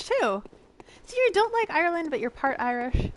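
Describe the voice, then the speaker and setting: This young American streamer keeps up a giggly, rambling, casual chat with viewers while she plays. She speaks at normal speed in a very high-pitched, very animated voice.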